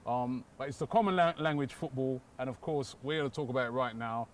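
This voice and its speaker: A man hosting a football show, asking his guest questions in a measured, polite casual chat. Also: mid-range voice, slight background noise. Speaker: host.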